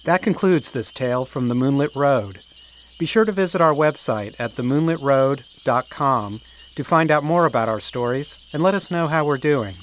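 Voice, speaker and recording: Man, announcer, friendly outro read, middle pitch, faint crickets and frogs behind. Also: lively intonation, moderate pace, slight background noise. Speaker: show announcer. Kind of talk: scripted outro. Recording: faint night ambience behind. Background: night crickets and frogs.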